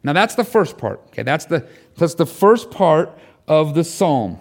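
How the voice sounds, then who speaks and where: A man's voice: sing-song, measured pace. A man preaching a sermon in a church, earnest and pleading, his voice climbing and falling as he presses his point. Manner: earnest, rising to pleading intensity with wide pitch swings. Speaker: pastor. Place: church sanctuary.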